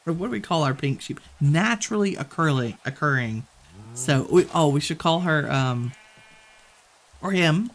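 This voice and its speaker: A man chatting in a relaxed, rambling way while streaming a game, laughing easily. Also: on the high side, gravelly, slight background noise, low-quality recording. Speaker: gaming streamer. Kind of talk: relaxed gameplay chat.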